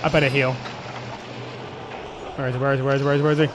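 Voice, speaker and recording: A man commentating on his own gameplay, excitable, swearing, shouting and laughing at the action. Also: mid-range voice, racing, heavy background noise. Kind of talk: let's play commentary.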